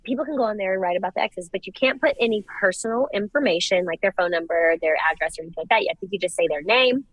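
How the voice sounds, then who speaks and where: A young woman co-hosting a casual podcast chat, gushing and animated as she gives her opinions. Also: mid-range voice, fast talker, no room sound, rough recording. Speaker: podcast co-host.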